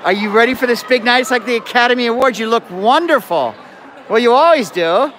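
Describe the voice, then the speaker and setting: A man's voice: extremely high pitch, brisk. A man hosting a live stream in a school gym, joking with students and often apologizing. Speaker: event host live streaming. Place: school gym with a crowd, indoors. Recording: loud crowd chatter and noise. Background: crowd chatter.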